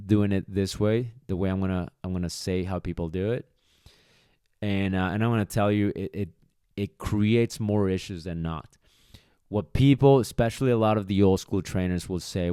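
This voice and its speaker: Blunt man with a smooth, low voice. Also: a little mellow, dry recording, clean studio sound. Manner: blunt and emphatic, with casual swearing. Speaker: dog trainer, podcast host. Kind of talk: podcast monologue.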